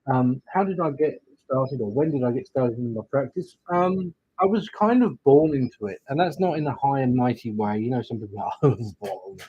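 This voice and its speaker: A man's voice: mid-range voice, animated, fairly quick, few pauses, slightly rough, dull audio. A man, hosting a casual live stream, chatting and rambling as he greets viewers. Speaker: livestream host, witch doing readings.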